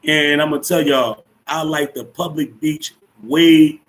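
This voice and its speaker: An upbeat man hosting a live stream in a casual, chatty way. His voice sits a little higher than most men's. He keeps greeting his viewers and giving them shout-outs. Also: steady tone, a little slow.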